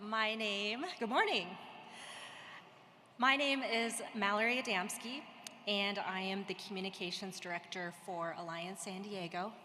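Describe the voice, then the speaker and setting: A woman's voice: mid-range voice, fairly even intonation, normal speed, pushed and bright. A woman communications director giving a friendly, upbeat prepared introduction from a stage. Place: event hall stage. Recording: reverberant hall with faint room noise.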